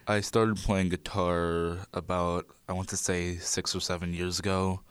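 Teen male guest, very low flat voice, clear and dry, reflective and a little hesitant. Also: unhurried, no echo. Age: teens. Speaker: student musician guest. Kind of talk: radio interview.

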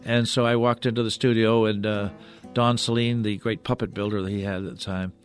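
An older man, a puppeteer, telling stories in a halting, rambling way as a guest in a radio studio. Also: on the low side, level tone, faint music behind. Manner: rambling, halting, full of restarts. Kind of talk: radio interview storytelling.

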